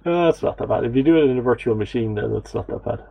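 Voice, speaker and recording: A man's voice: mid-range voice, lively intonation, quick pace, vocal fry, warm tone, a little hiss or hum, rough recording. A man co-hosting a podcast, chatting casually and rambling through listener comments with lots of fillers and self-deprecating asides. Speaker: podcast co-host.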